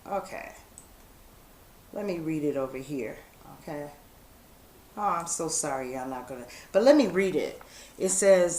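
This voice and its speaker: A woman talks slowly and chattily to her viewers, reading a letter aloud. The room is echoey, with faint noise behind her. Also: sits low, lively intonation, mellow. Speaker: vlogger.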